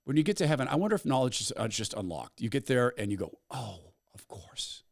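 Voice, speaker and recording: A man hosting a commentary podcast, retelling a story with a dramatic, storytelling delivery. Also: medium pitch. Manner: storytelling, dramatic pauses, animated. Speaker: podcast host. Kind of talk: commentary monologue.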